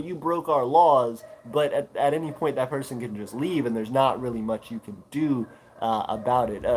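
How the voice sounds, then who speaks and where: A man's voice: mid-range voice, darkish tone, a little hiss or hum, low-quality recording. A man hosting a casual livestream, reading chat comments and answering with lots of fillers and restarts. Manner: rambling, many fillers, reads chat aloud. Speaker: livestream host.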